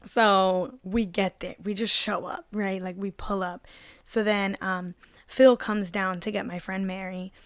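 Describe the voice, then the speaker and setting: Casual chat from a young woman with a mid-range voice who tells a story fast and lively, full of "like" fillers, acting out the others as she goes. The sound is close and dry, with no room around her. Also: medium pitch, no echo. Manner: animated, lots of "like" fillers, acts out voices in the story. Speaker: podcast co-host.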